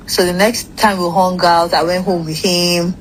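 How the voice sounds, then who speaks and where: A woman's voice: lowish voice, flat delivery, normal speed, noisy background. A woman casually telling a long personal story, rambling with asides and swearing freely.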